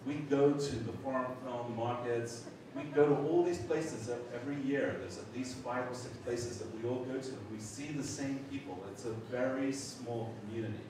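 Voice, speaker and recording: A middle-aged man telling a lively anecdote at a memorial, swearing, laughing and acting out other people's voices. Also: medium pitch. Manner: animated storyteller, swears, acts out voices, laughs. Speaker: memorial speaker. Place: large event hall. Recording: echoey hall from far off, noisy.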